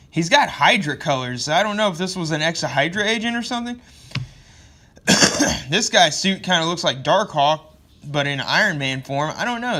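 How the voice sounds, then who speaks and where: Man, bright forceful voice, rambling sarcastic comic review, casual. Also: on the high side. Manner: rambling, sarcastic, swears and laughs.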